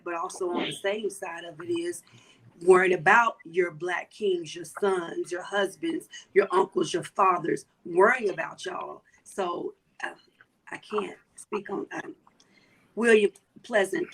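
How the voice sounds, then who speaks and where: A woman's voice: lowish voice, fairly even intonation, measured pace, a bit bright, breathy edge, rough recording. A woman hosting a panel discussion, affirming and emotional with her guests. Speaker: host.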